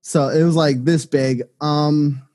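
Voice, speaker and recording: A man with a somewhat high voice, chatting on a casual podcast. He tells crude stories in a joking, rambling way. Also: fairly even intonation, slow, warm tone. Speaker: podcast co-host.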